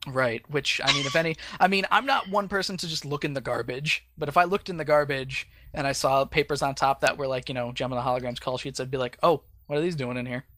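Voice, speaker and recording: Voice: medium pitch, quick pace, few pauses, a bit bright. A podcast co-host in casual chat, loose and sarcastic, swearing freely. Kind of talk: casual chat recapping a cartoon.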